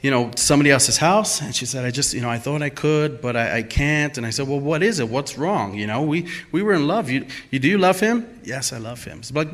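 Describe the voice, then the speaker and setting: A man's voice: fairly high pitch, fairly bright tone. A man telling a personal story and acting out the quoted lines, laughing at himself as he goes.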